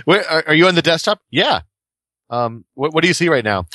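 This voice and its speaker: A man co-hosting a casual podcast who throws in teasing jokes and quick questions. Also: on the high side, very animated, sharp tone, dry recording, studio quality. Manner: wisecracking, teasing interjections. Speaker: podcast co-host.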